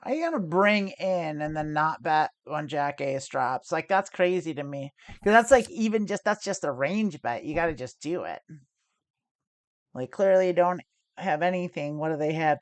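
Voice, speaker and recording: A woman's voice: deep voice, expressive, moderate pace, no echo. An American woman streaming online poker, talking casually as she plays and explains her moves, chatty and self-mocking, laughing often and swearing lightly. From United States. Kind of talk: live-stream gameplay commentary.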